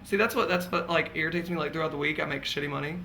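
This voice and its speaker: Bright high campy man with a gravelly edge. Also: rapid-fire, a little hiss or hum, rough recording. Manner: candid, campy, laughs often. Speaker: vlogger. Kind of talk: casual gossipy storytelling.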